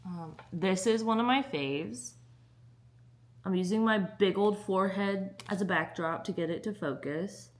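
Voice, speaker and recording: A woman's voice: medium pitch, unhurried. A young woman chatting casually in a book vlog, bubbly and giggly. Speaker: book vlogger.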